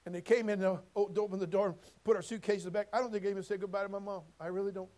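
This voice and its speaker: A man preaching a sermon, folksy and direct, moving between quiet storytelling and loud shouted passages. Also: sits high, flat delivery, very fast. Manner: folksy, addresses listeners as friend and brother.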